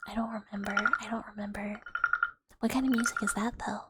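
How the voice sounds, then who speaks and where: A young woman streaming as an ASMR host, chatting with viewers in a soft whispered role-play and rambling with fillers on a close microphone. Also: mid-range voice, little pitch movement, fast talker. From United States. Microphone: close sensitive ASMR microphone. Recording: loud hiss under the whisper.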